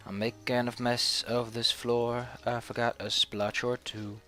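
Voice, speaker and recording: A man's voice: medium pitch, little pitch movement, a little slow, sharp tone, faint music behind. A man giving casual gameplay commentary as a let's play host, with sarcastic, mock-villainous rants and swearing.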